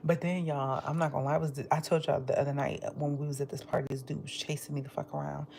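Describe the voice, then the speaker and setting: A woman's voice: low-pitched, little pitch movement, quick pace, creaky, a little mellow, slight background noise. A woman livestreaming from home, telling gossipy stories in casual chat, acting out quotes and laughing often. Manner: laughs often while talking. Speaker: livestream vlogger. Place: at home, eating.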